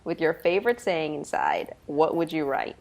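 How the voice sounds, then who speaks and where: A woman's voice: low voice, animated, normal speed, creaky, darkish tone. A woman hosting a casual podcast interview, asking friendly, upbeat questions. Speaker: interview host.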